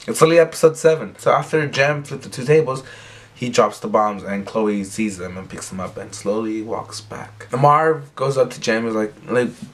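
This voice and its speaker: A man's voice: mid-range voice, normal speed. A young man giving a casual recap, rambling and full of fillers. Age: young adult. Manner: rambling, filler-heavy retelling. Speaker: recap vlogger.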